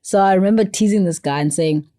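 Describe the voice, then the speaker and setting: A South African woman in her thirties, a podcast guest telling stories in an animated, conversational way and acting out quotes. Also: mid-range voice, fast, no room sound, clean studio sound. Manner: expressive, acts out quotes with playful voices. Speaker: podcast guest, foundation CEO.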